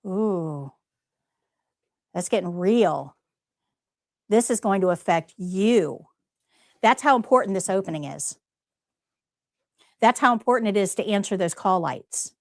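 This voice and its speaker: A woman leads a live test prep class for nursing assistants, speaking emphatically and directly to her students and often posing rhetorical questions. Her medium-pitched voice is animated and unhurried, with frequent pauses, recorded cleanly in a studio with no echo.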